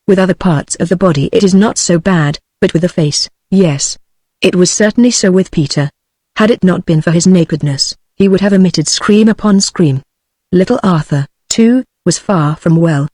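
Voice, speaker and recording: A woman's voice: on the low side, moderate pace, dry recording. A synthetic female voice with a British accent, narrating an audiobook in text-to-speech style. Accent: British English. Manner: even machine-read delivery.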